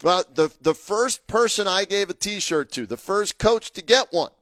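A man co-hosting a local sports radio show, his voice pitched high and recorded dry and close. He talks in an upbeat, rambling way, full of promotions and fillers. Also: animated, a little slow, a bit bright, dry recording. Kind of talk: casual radio talk.

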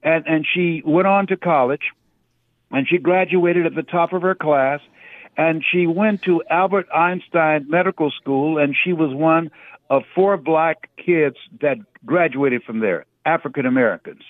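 A man's voice: on the high side, measured pace, no echo. A man giving a preacherly motivational talk as a radio guest, stressing his points by repeating words. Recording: tinny phone line.

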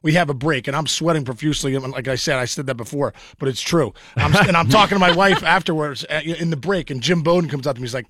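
A man's voice: on the high side, quick pace, hardly any pauses, fairly bright tone, dry recording. A man co-hosting a casual chat, telling a long story with many restarts and "you know"s. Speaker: podcast co-host, former baseball player.

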